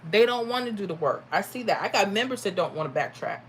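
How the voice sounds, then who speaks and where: A woman's voice: medium pitch, animated, quick pace, a little hiss or hum, low-quality recording. A woman from Florida, hosting a casual livestream and answering viewer comments. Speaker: livestream host.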